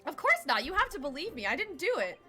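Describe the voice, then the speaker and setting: A woman's voice: on the high side, lively intonation, normal speed, sharp tone, faint music behind. A woman reading the lines of a nervous, apologetic young male university student on trial. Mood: pleading. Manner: anxious, apologetic, pleading.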